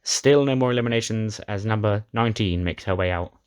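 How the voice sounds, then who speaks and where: Low-voiced man recapping a wrestling game. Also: a little fast, heavy background noise. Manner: chatty, restarts sentences, brief chuckles. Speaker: game commentator.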